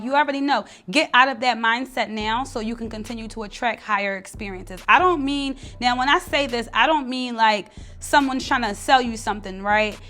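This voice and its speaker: A woman's voice: fairly high pitch, sharp tone. A woman giving casual motivational talk to camera, blunt and slangy, with lots of emphatic stress. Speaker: spiritual content creator.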